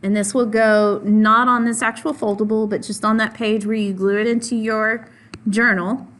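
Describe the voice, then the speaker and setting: Teaching math in a level tone at normal speed, a woman with a mid-range, fairly bright voice patiently emphasizes and repeats the important points. She asks the class questions and then supplies the answers herself.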